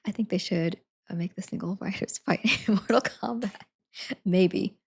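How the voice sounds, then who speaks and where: A woman's voice: medium pitch, moderate pace, vocal fry, darkish tone, husky. A young woman streamer telling a story in casual chat, full of fillers, acting out what people said. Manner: chatty, many fillers, acts out quotes.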